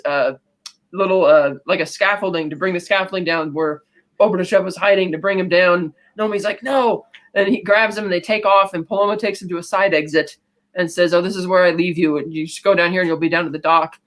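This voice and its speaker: A podcast co-host giving a casual, rambling movie recap, acting out quick lines of dialogue along the way. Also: medium pitch, a bit bright. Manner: rapid, rambling retelling with quick acted-out quotes and fillers.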